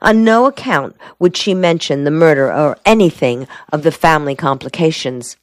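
A woman narrating a novel in a steady, measured audiobook reading. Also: sits low, no room sound.

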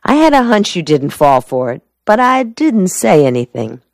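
A shrewd male lawyer, as a woman narrator reads him lays out facts briskly and calmly. The voice is low and the sound dry. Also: gravelly, dry recording. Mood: matter-of-fact.

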